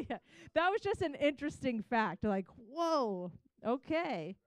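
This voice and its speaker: Woman teaching scripture all casual and chatty, higher voice, smooth and clear, dry close sound. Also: big pitch swings, a little slow, few pauses, no room sound. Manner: chatty, laughs often, retells scripture conversationally. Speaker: Bible teacher.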